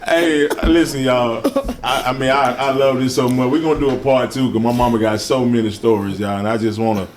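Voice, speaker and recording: A man hosting a casual interview with his mother, soft-spoken and encouraging. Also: medium pitch, steady tone, brisk, a crowd in the background. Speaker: podcast host.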